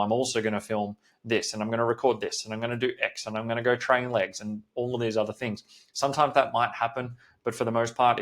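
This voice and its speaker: A man hosting a solo podcast as a coach, talking bluntly and swearing often in a direct motivational pep talk. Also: lowish voice.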